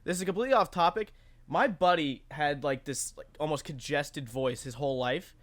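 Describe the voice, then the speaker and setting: A man's voice: a little high, moderate pace. Chatty young male podcast host. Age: young adult. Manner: chatty, many fillers, easy laughs. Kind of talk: casual podcast interview.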